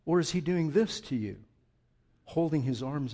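A male pastor preaching a sermon in a conversational, animated way, asking his listeners rhetorical questions and often restarting his sentences. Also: fairly high pitch, normal speed.

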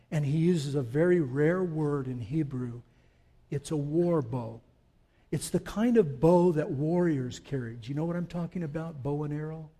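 A male pastor with a slightly high voice preaches a sermon. He shifts from quiet, conversational explanation and asides to the congregation into loud, emphatic declarations.

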